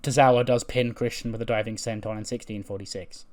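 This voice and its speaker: A young man with a relaxed, rambling way of talking, casually recapping a simulation game as the host. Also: fairly low pitch, fast. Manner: relaxed, rambling, loose slang. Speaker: let's-play host.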